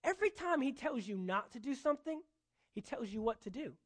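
A man's voice: very high voice, big pitch swings, brisk. A male pastor preaching a sermon, emphatic, driving points home with repeated phrases.

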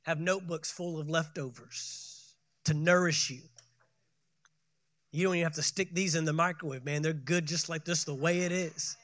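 A pastor preaching a sermon, building to loud emphatic peaks and calling for the congregation to respond. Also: male voice, on the high side, steady tone, normal speed, no room sound, clean studio sound. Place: church sanctuary.

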